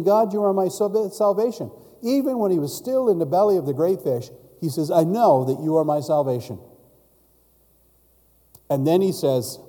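A man's voice: fairly high pitch, warm tone, long reverb tail. A man preaching a sermon in a storytelling way, putting questions to his listeners. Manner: storytelling, asks the congregation questions.

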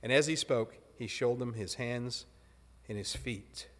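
A man preaching a sermon in a relaxed, conversational way, with joking asides. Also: medium pitch, a little slow. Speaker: pastor. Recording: long hall reverb.

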